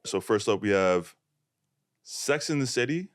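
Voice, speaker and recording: A man's voice: fairly low pitch, animated, measured pace, dry recording, studio quality. A young man hosting a podcast in a laid-back, easygoing chat, laughing easily. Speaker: podcast host. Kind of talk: casual chat.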